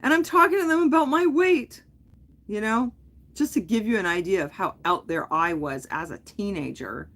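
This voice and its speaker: A woman's voice: mid-range voice, lively intonation, moderate pace, a bit bright. A middle-aged woman hosting a livestream, telling a long story in a casual, rambling way, full of fillers and self-corrections. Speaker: livestream host.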